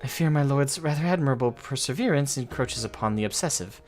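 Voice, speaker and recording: A man doing a soft, demure young woman. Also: medium pitch, animated, fast talker, soft background music, close to an everyday voice. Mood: polite. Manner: soft, polite and formal.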